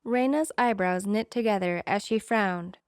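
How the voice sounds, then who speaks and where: Brief: female audiobook narrator, steady expressive reading, mid pitch, very dry close sound. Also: measured pace, clear, resonant tone, no echo. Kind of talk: scripted storybook narration.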